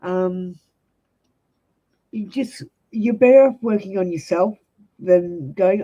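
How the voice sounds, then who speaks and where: A woman's voice: on the low side, takes it slowly, pauses often, dark tone, highs cut off. An Australian woman giving blunt, direct tarot readings to viewers on a live stream. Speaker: tarot reader.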